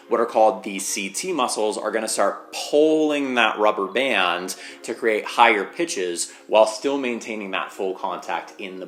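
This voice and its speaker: A man's voice: on the low side, a bit bright. A man teaching singing, explaining vocal anatomy step by step and leaning on the word "basically".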